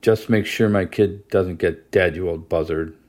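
A man's voice: deep voice, fairly even intonation, moderate pace, a little mellow, lightly acted. A man reading the lines of a frightened, blunt mother in an audiobook. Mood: tense.

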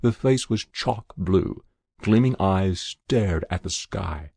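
A man narrating a short story in a slow, measured reading. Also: low voice, animated, creaky, darkish tone, breathy edge, dry recording.

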